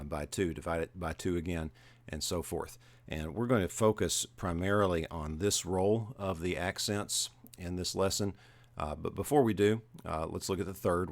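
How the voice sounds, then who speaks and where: A man with a low voice teaches a livestream lecture, walking through each step in a measured way and pausing often with fillers. There's no echo on the recording.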